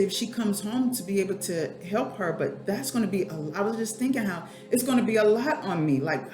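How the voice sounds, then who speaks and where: A woman's voice: medium pitch, echoey room. A middle-aged woman talking candidly and at length about her struggles in a personal vlog, her eyes watering as she speaks from home at her computer. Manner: candid, rambling, talks to herself by name. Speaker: spiritual life coach and vlogger.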